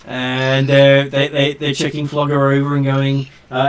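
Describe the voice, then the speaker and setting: A man's voice: medium pitch, monotone, unhurried, hardly any pauses. A man narrating as game master, hesitant, with many ums and uhs. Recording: roomy, distant mic.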